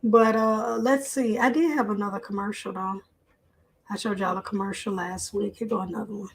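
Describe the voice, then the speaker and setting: A woman's voice: mid-range voice, steady tone, moderate pace, husky. A woman hosting a live online show, chatting casually with viewers and reading a news article aloud in a loose, off-the-cuff way.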